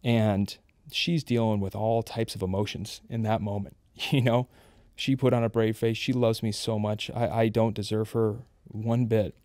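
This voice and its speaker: A man's voice: lowish voice, fairly even intonation, normal speed, darkish tone, dry recording, studio quality. A man in his thirties, a podcast guest, telling his personal story in an earnest, confessional way. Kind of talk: candid personal testimony.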